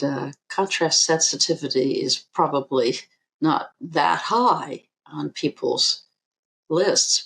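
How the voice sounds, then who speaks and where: A woman, an eye surgeon on a podcast interview, speaking in a measured, emphatic way and repeating her key figures. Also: low-pitched, vocal fry, fairly bright tone.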